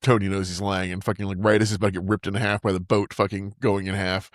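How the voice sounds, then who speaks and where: A man co-hosting a casual movie podcast, talking with lots of "like" and swearing, jumping into high voices for quoted lines. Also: flat delivery, fast talker, no echo, studio quality. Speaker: podcast co-host. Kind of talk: casual movie recap chat.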